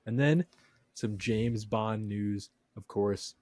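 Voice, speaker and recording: A man's voice: lowish voice, takes it slowly, darkish tone, dry recording, clean studio sound. A man hosting a podcast in casual, upbeat chat, often saying "dude". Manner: upbeat, laid-back, says "dude" a lot. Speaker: podcast host.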